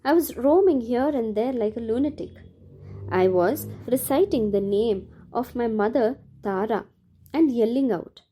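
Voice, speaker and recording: Mellow-voiced woman narrating an audiobook. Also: a little high, animated, a little slow, slight background noise. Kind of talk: scripted devotional narration.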